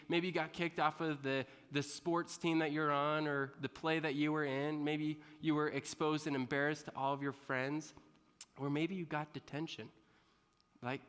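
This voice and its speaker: A man giving a motivational talk to students, animated as he tells a story, often asking the audience questions and laughing. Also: on the high side. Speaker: motivational speaker. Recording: long reverb in a large hall.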